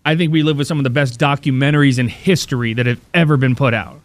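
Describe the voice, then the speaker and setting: A man co-hosting a podcast, ranting bluntly in animated casual banter. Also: mid-range voice, fast, no room sound. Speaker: podcast co-host.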